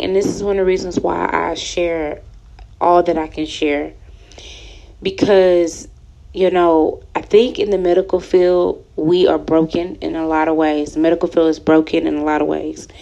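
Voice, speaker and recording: Gravelly, mellow woman reading her own story. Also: on the low side, highs cut off. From Houston, Texas. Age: 30s. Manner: frequent ums, soft and halting. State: emotional, near tears. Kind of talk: reading aloud with personal comments.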